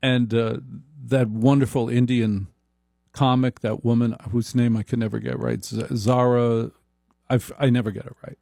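A man holding forth in a slow, deliberate comic monologue with a wry edge. His voice has a gravelly fry and a dark, mellow tone, recorded dry and close. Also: medium pitch, level tone, no room sound.

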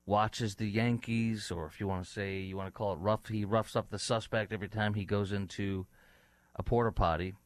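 A man's voice: on the low side, steady tone, moderate pace, dry recording. A man hosting a talk show, giving heated, indignant political commentary with many fillers and restarts. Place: studio in Dallas.

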